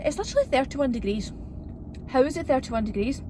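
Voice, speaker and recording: A woman's voice: high-pitched, big pitch swings, a little fast, background noise. A young woman from Scotland chatting casually to the camera in a vlog, joking with herself as she drives around and shows her home. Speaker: vlogger.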